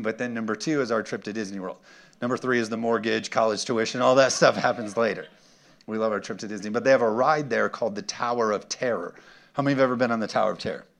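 Male pastor preaching with call-and-response. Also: medium pitch. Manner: energetic preaching with call-and-response questions and humor. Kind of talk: sermon. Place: church sanctuary with congregation.

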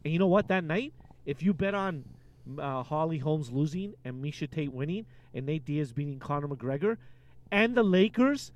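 A man co-hosting a casual podcast, telling jokey sports stories and rants in an animated way. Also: a little high, moderate pace. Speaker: podcast co-host.

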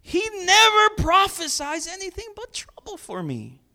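A man preaching, voicing a resentful ancient king who complains and shouts in exasperation. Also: extremely high pitch, wildly swooping pitch, a little slow, gravelly, voice pushed up, full character voice. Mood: furious.

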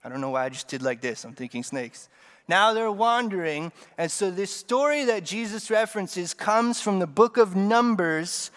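A man's voice: sits high, animated, moderate pace, few pauses. A man delivers a sermon in a slightly raised voice, speaking loosely and conversationally with humorous asides. His voice rings out with a long reverb through a church sanctuary. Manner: conversational, with joking asides to the congregation. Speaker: preacher.

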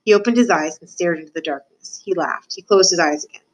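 A woman's voice: lowish voice, fast, hardly any pauses, poor audio. Woman student reading a storybook aloud. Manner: expressive reading with voiced characters. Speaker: student reader. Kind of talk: reading a children's novel aloud.

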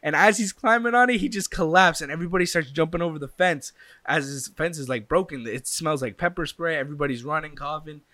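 A young man casually telling a personal anecdote, animated and acting out the people in it with sound effects. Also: fairly high pitch, quick pace, dry recording. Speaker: storyteller.

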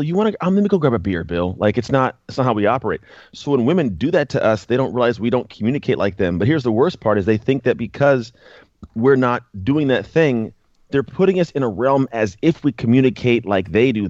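A man's voice: mid-range voice, a little fast, darkish tone, dry recording, dull audio. A man guest speaking earnestly in a casual conversation, often repeating words as he thinks. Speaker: guest, former pro football player and author.

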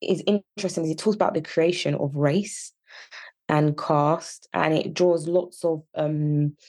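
A woman's voice: low voice, measured pace, no room sound. A woman with a Yorkshire accent co-hosting a podcast, talking earnestly and at length. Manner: earnest, discursive, animated when riled. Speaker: podcast co-host. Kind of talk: casual chat.

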